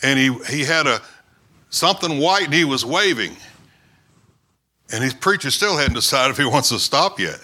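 A man preaching a sermon, telling a story as an illustration and loudly acting out the cries of the people in it. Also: medium pitch, animated, normal speed, long pauses.

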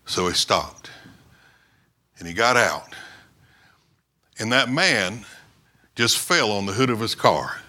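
Bright-voiced man preaching a story. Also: fairly low pitch, lively intonation, slow, long pauses. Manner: storytelling sermon, shouting quoted cries. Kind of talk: sermon illustration.

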